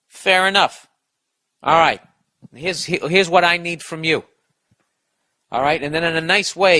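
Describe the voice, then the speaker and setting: Blunt, forceful man ranting on a podcast. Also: on the high side. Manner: profane, blunt, restless rambling with restarts. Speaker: podcast host giving listener advice. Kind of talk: casual podcast rant.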